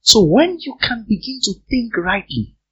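Brief: male preacher delivering a sermon with an animated swing in pitch, hammering lines by repetition. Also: a little slow, slightly rough, muffled recording. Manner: emphatic, repeats phrases for effect.

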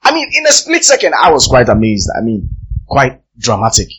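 Brief: male preacher delivering a sermon with an animated swing in pitch, hammering lines by repetition. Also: brisk, husky, poor audio. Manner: emphatic, repeats phrases for effect.

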